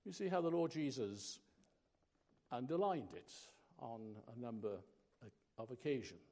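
A man preaching a sermon, slow and emphatic, pausing between phrases. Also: mid-range voice, lively intonation, darkish tone.

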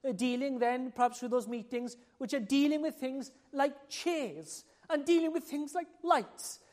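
Preacher guy, pretty high voice, gets loud then drops way down quiet, very emphatic. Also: unhurried. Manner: emphatic, swings from loud exhortation to hushed warning. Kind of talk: sermon.

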